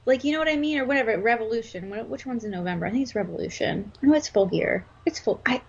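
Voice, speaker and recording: A woman in a casual podcast chat about wrestling, talking in an animated, rambling, jokey way. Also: on the high side, quick pace, creaky, husky. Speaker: podcast co-host. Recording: slightly dull lo-fi sound.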